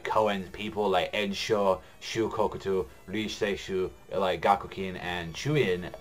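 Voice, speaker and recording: Man, low voice, casual manga review, rambling, lots of fillers, swearing, faint music behind. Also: fairly bright tone.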